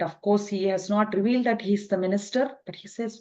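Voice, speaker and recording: A woman teacher telling a story in a relaxed, halting way with restarts, on a dull lo-fi recording. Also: medium pitch. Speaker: spiritual teacher. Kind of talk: storytelling in a lesson.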